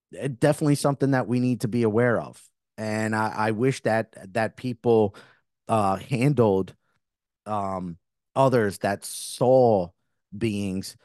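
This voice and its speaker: A man's voice: fairly low pitch, a little mellow, no echo, clean studio sound. A middle-aged man hosting a spiritual podcast, talking earnestly in a rambling way full of restarts and self-corrections. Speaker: podcast host.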